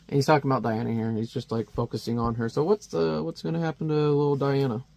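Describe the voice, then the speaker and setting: A man's voice: medium pitch, little pitch movement, fast talker, creaky, hardly any pauses, a little mellow, dry recording. A man casually talking through a comic in a rambling review, chuckling at the panels.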